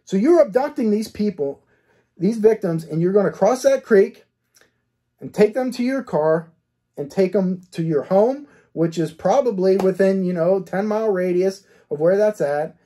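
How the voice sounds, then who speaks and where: With a high, dark voice and lively intonation at normal speed, this man offers case analysis commentary as a cold case detective. He proceeds step by step, posing rhetorical questions to himself and checking in with "okay?".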